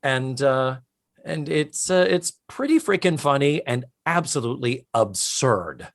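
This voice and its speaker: Animated man co-hosting a podcast. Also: medium pitch. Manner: animated retelling of scenes with quick quoted voices. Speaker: podcast co-host. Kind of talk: casual chat.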